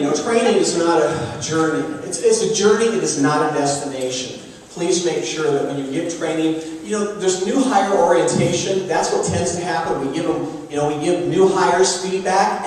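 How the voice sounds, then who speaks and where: A man giving a lively, joking business talk at a luncheon, speaking direct advice to the audience. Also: high-pitched, slight background noise. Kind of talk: live seminar talk. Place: luncheon hall. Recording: echoey hall from far off.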